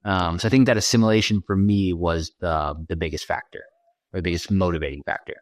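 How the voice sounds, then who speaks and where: A man's voice: low-pitched, fairly even intonation, quick pace, dry recording. A man from Washington D.C. talking through his thoughts in a podcast interview, often checking in with "right?". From Washington D.C., United States. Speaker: guest content creator.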